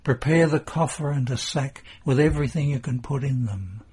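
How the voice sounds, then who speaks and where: A man reading the part of Joseph, an anxious husband speaking low and urgently to his wife. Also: normal speed, a little mellow, breathy edge.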